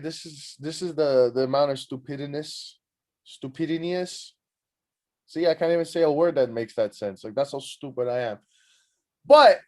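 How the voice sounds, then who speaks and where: Profane, animated young man telling stories. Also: fairly high pitch. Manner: profane, animated, self-mocking, frequent "like" fillers. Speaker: podcast host. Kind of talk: rambling comedic storytelling.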